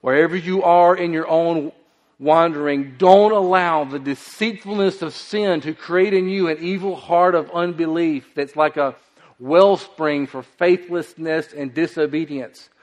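A pastor preaching a sermon, telling stories and acting out voices with animated emphasis. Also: male voice, fairly high pitch, unhurried, in a large hall.

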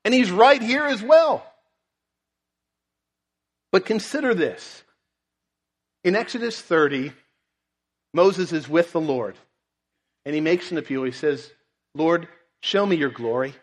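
A man's voice: a little high, lively intonation, slow pace, long pauses. A man preaching a sermon, earnestly reading and explaining scripture. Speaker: pastor. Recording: long reverb in a large hall.

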